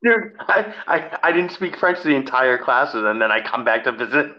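A man co-hosting a podcast, telling a story in casual chat, animated and laughing often, his voice jumping high when excited. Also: normal speed, dull audio. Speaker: podcast co-host.

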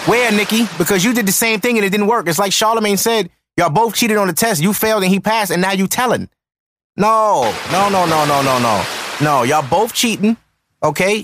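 A man's voice: on the high side, a bit bright. A man hosting a podcast, ranting in heated commentary with profanity and repeated points. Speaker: podcast host.

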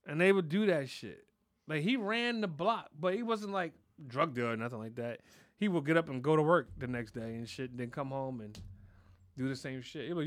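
A man hosting a podcast, telling a crude, animated comic story about his family and peppering it with "you know what I'm saying.". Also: fairly high pitch, brisk, no room sound, clean studio sound. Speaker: podcast host.

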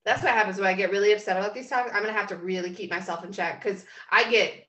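A woman co-hosting a casual podcast, animated, laughing often and swearing freely. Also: medium pitch, very fast. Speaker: podcast co-host.

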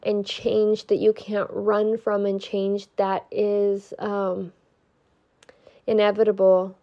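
Slow, earnest young woman with a stuffy nose. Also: medium pitch, monotone, dull audio. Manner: earnest, heartfelt, swears for emphasis. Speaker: vlogger. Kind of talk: spiritual pep talk to viewers.

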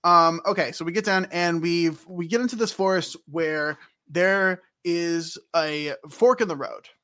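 A man's voice: on the high side, unhurried. A man co-hosting a podcast, recapping a video game in casual, jokey chat. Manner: animated, jokey, acts out characters in silly voices.

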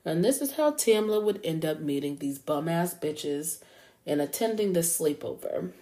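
Awake late at 3 a.m., a female true-crime podcaster chats her way through a story, addressing her audience as y'all and swearing without hesitation. She speaks at a moderate pace with lively intonation, her voice a little low, warm, and mellow.

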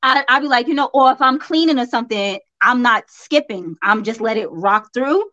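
A woman's voice: on the high side, lively intonation, normal speed, pushed and bright, no echo. A woman from New York with a New York accent tinged with Southern country, co-hosting a podcast in casual, playful chat and laughing often. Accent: New York with some Southern country. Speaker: podcast co-host. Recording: dull, dry close recording.

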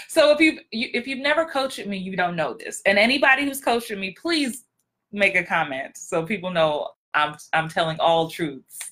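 A woman's voice: medium pitch, sharp tone. A woman acting coach hosting a podcast, talking in a direct, blunt, emphatic way with repeated punchlines. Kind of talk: casual podcast monologue.

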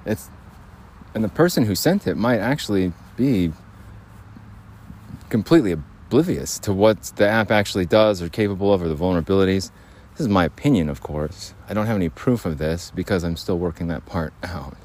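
Low-voiced rambling man podcasting alone. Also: animated, a little fast, a little mellow. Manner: rambling, restarts often, laughs at himself. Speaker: podcast host. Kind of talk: rambling solo podcast monologue.

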